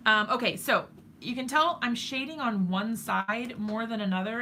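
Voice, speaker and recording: A woman's voice: medium pitch, gravelly, bright, forceful tone, slight background noise. A woman hosting a live crafting stream, chatting with viewers and thinking aloud as she works, often joking at her own expense. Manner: talks to viewers while working, thinks aloud, self-mocking.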